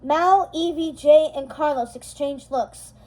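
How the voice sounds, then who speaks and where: A woman reading a storybook chapter aloud, steady and expressive, slowing down for dramatic moments. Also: sits high, rough recording. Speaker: storybook reader. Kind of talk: storybook read-aloud narration.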